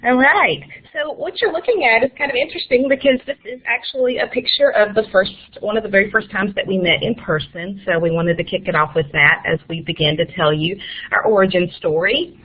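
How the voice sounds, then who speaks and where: A woman's voice: mid-range voice, fairly quick, slightly rough. A woman with a North Carolina accent, a school librarian giving a friendly, conversational webinar presentation. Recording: tinny phone-like line.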